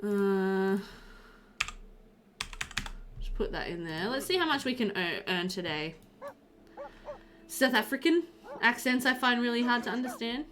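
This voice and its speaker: A woman's voice: on the high side, lively intonation, unhurried, long pauses, background noise. A woman chatting casually while streaming a game, reading chat aloud and laughing often.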